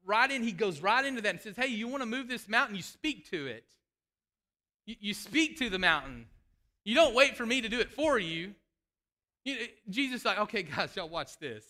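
A man's voice: very high voice, expressive, moderate pace, pushed and bright. A man preaching a sermon, fervent and emphatic, calling out to the congregation.

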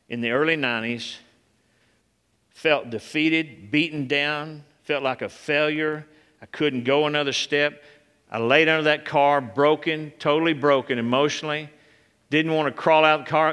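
A man preaching a sermon as a pastor, swinging from loud emphatic peaks to soft low passages and calling out to the congregation. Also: lively intonation, unhurried, long pauses, smooth. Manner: emphatic, rises loud and high on key points, drops soft and low for quiet moments; calls out to the congregation. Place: church sanctuary. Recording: long hall reverb.

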